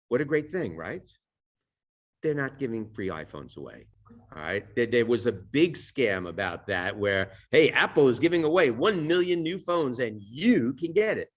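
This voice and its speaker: Man giving a chatty live training talk. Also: mid-range voice. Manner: conversational, checks in with the room with "all right?"; self-correcting, restarts sentences. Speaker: real estate training instructor.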